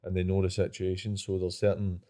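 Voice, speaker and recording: A man co-hosting a podcast, chatting casually and asking quick questions. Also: low-pitched, monotone, dark tone. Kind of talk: casual chat.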